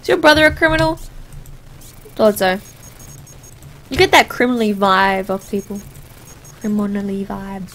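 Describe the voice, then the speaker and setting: A woman's voice: medium pitch, moderate pace, pauses often, a bit bright, slight background noise. A young woman giving rambling, jokey let's play commentary as she plays a game. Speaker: gamer.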